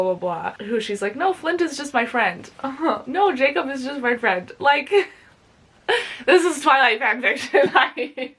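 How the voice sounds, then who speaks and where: A young woman with a slightly high voice chats excitedly into a camera in her bedroom for a reading vlog. She gushes, swears freely and laughs at herself, talking in a loose, rambling way. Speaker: book vlogger. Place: home bedroom.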